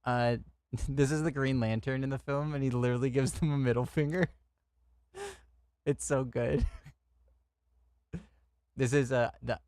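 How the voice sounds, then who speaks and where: A man's voice: mid-range voice, fairly even intonation, a little slow, pauses often, a little mellow, no echo. Heated, swearing male streamer. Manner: outspoken, swearing, laughs often, heated rants. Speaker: streamer reacting to news clips. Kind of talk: casual reaction commentary.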